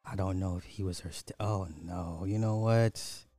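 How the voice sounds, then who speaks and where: A man's voice: low-pitched, fairly even intonation, normal speed, dark tone, no room sound, faint music behind. A man giving reaction commentary, rambling and trailing off mid-sentence.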